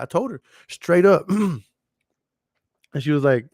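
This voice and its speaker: Podcast host, male, rambling and profane, slightly high voice, dry close recording. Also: expressive, slow pace, a little mellow, dry recording. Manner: rambling, profane, repeats himself. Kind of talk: casual storytelling monologue.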